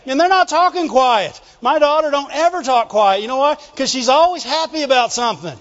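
A very high-pitched man preaches an emphatic sermon, often breaking into shouts and calling on the congregation to answer him. His voice rings with a long reverb through a large church sanctuary. The sound is dull and muffled. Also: expressive, moderate pace, hardly any pauses.

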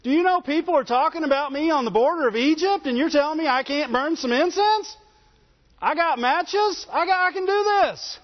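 A man's voice: very high voice, normal speed, voice pushed up. A man preacher voicing a proud, angry king who brags and protests indignantly. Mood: boastful. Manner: bragging, indignant outbursts. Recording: dull sound with long hall reverb.

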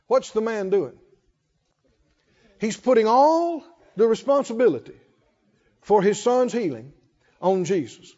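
A man's voice: extremely high pitch, lively intonation, measured pace, long pauses, a little mellow. A man preaching a sermon in a folksy way, calling out to the congregation. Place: church hall. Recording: muffled hall reverb.

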